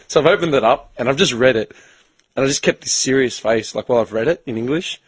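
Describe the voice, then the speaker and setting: An Australian man with a husky voice and a dry, close sound tells a story in a profane, animated way. He acts out every voice in the exchange himself. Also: medium pitch, fast, no room sound. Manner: profane, animated storyteller who acts out both sides of conversations. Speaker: podcast host. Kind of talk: casual storytelling chat.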